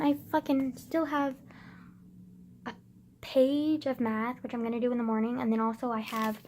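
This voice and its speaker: Exasperated young woman, high voice, venting. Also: a little hiss or hum. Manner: exasperated, heavy swearing, frequent sighs and whispered asides. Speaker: vlogger. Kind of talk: casual venting to camera.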